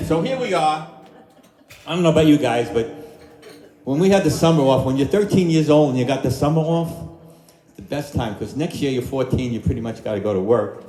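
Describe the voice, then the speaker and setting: A man's voice: mid-range voice, lively intonation, fairly quick, mellow. An older man, a dinner-show singer telling joking, folksy stories between songs to a live restaurant crowd. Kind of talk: crooning oldies and telling stage stories. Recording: roomy live restaurant with backing music.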